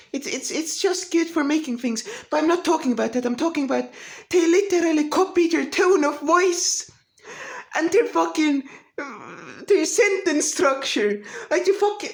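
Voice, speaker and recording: A woman vlogger ranting casually, profane and rambling, with many restarts. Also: sits high. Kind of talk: casual rant to camera.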